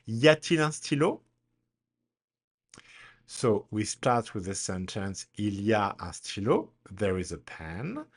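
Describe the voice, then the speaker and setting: A male language teacher delivering a recorded grammar lesson at an unhurried, measured pace. His pitch swings widely, jumping up on the example questions he models for learners to repeat. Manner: slow, deliberate, models questions with a strong rise.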